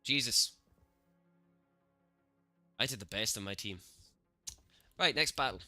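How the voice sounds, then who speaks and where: A man streaming gameplay, reacting excitably to the match and talking to his chat, cursing at the game. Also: lowish voice, slow pace, dry recording, soft background music. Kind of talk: live gameplay commentary.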